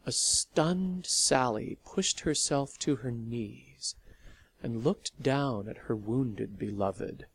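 The narrator of a serialized audio story, reading in a steady, measured way. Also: mid-range voice, creaky, breathy edge. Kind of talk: scripted narration.

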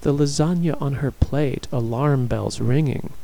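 A man narrating a story in a dramatic, expressive reading style. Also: medium pitch, takes it slowly, creaky, hardly any pauses, rough recording.

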